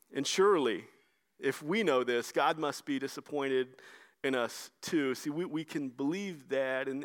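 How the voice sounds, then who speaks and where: Conversational preaching man, higher voice. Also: fairly bright tone. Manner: conversational preaching, shifting between brisk and slow emphatic delivery. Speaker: pastor. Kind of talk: sermon.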